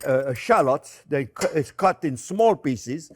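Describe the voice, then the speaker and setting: A man's voice: on the high side, lively intonation, unhurried, slight background noise. An older man with a French accent, hosting a casual cooking demonstration in a kitchen, chatty and joking with lots of fillers and restarts. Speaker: chef and host. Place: home kitchen.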